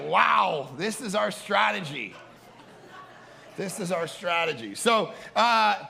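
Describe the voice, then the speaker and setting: A man delivers a lively camp sermon, acting out the people in his stories as he goes. His voice is very gravelly, with plenty of fry, and it sounds bright and forceful. He pitches a little higher than most men. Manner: animated storytelling, acts out quoted people. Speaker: pastor. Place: family camp meeting.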